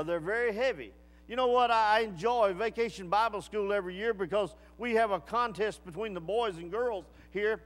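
Male preacher, very high voice, folksy and emphatic, long hall reverb. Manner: folksy storytelling with emphatic rising outbursts. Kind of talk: sermon.

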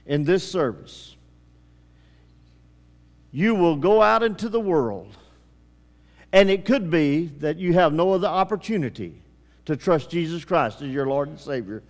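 A male preacher giving an impassioned evangelistic sermon at a church service, swinging from hushed passages to shouting. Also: high-pitched. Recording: long church reverb.

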